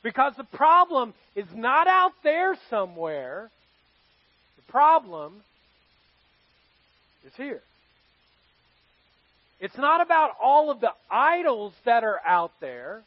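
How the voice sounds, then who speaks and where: A man's voice: very high-pitched, big pitch swings, slow, long pauses, no room sound, muffled recording. A man preaching a sermon to his congregation as pastor, telling stories in a conversational way and asking the audience questions. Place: church service with live congregation.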